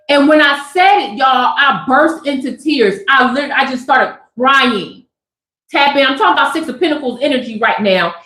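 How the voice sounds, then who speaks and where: A woman giving a casual tarot livestream, who says "tap in" often and slows right down to stress her points. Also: sits high, reverberant, low-quality recording. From Southern California. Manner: emphatic, repeats "tap in" and "y'all"; slows way down for emphasis. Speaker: tarot reader and spiritual speaker.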